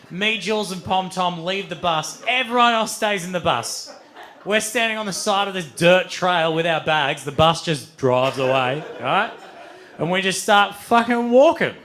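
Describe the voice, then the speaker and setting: A young man doing stand-up, telling a wild story with lots of swearing and sudden loud acted-out outbursts. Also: sits high. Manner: animated, swears freely, acts out voices with loud outbursts. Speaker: stand-up comedian. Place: comedy venue stage with audience.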